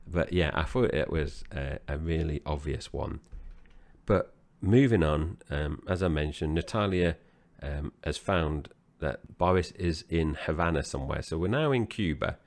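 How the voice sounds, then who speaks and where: Very deep-voiced man. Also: expressive, unhurried, darkish tone. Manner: easygoing, recaps the plot, hesitant restarts. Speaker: podcast co-host. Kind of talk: casual film-review chat.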